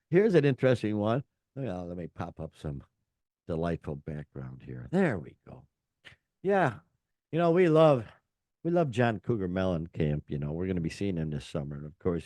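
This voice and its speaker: A man co-hosting a casual rock music chat show, animated and joking, reading out headlines. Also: on the low side, no room sound. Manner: animated, reads headlines and quotes with a put-on voice. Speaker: podcast co-host.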